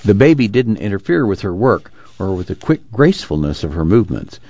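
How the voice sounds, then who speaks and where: A man narrating an audiobook in a measured, even reading. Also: fairly low pitch, dry recording, highs cut off.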